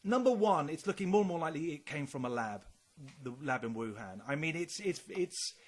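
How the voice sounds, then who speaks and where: Man, casual podcast chat, swears, speculative, lively pitch, slightly high. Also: brisk. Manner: rambling, speculative, swears a lot. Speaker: podcast co-host.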